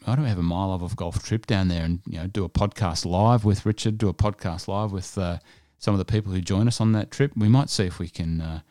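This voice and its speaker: A deep-voiced man from Scotland, talking through his podcast plans on his own. He rambles keenly and leans on lots of fillers. The sound is dry and close, with no room echo. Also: darkish tone. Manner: rambling, enthusiastic, many fillers. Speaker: podcast host. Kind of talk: casual solo podcast chat.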